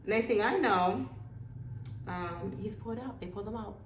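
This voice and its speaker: A woman vlogger telling a personal story in a lively way, acting out what others said. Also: medium pitch, moderate pace. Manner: animated, acts out quoted dialogue. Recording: echoey room with faint background noise.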